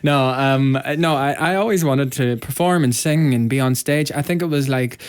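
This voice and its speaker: A man's voice: medium pitch, normal speed, clear, resonant tone. Man, podcast co-host, casual storytelling, self-mocking. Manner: chatty, self-mocking, laughs often. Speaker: podcast co-host, musical theatre performer. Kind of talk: casual chat.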